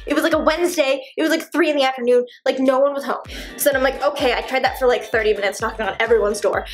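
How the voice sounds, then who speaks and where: A young woman with a high voice tells a story animatedly for her vlog, filling it with "like." She speaks at home into an on-camera shotgun mic, with faint music behind her. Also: fast. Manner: animated, heavy use of "like," dramatic retelling. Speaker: vlogger.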